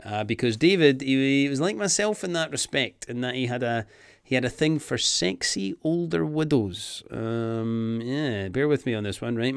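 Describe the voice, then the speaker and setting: A man's voice: mid-range voice, clear, resonant tone, no room sound, studio quality. Joking Scottish man telling history. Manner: jokey, digressive, chatty asides. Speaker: history presenter. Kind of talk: comic history talk.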